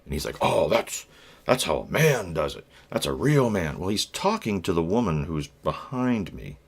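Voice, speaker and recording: A middle-aged man vlogging, telling a rambling personal story in a blunt, profane way with wry asides and lots of halting restarts. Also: low-pitched, big pitch swings, breathy edge. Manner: halting, with many fillers and restarts.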